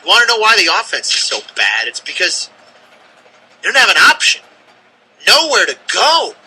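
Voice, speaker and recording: A man's voice: high-pitched, wildly swooping pitch, moderate pace, sharp tone, slight background noise, poor audio. A man co-hosting sports talk radio, cutting in with short, wry remarks.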